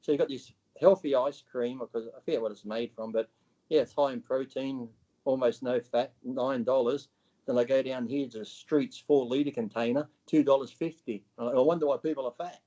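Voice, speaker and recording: Man, interview guest, blunt, profane, mid-pitched voice, dull lo-fi sound. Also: fairly even intonation, normal speed, warm tone. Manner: blunt, swears freely, acts out other people's lines. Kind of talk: casual interview chat.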